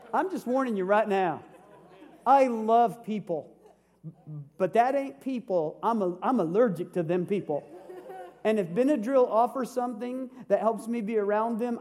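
High-voiced man in his fifties preaching. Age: 50s. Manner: animated, humorous preaching with rhetorical questions. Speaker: pastor. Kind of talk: sermon.

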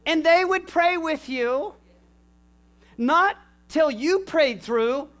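A middle-aged male pastor delivering an impassioned sermon, dropping to a hush and then building to shouts. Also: very high-pitched, lively intonation, slow. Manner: impassioned preaching, swings from hushed to shouting.

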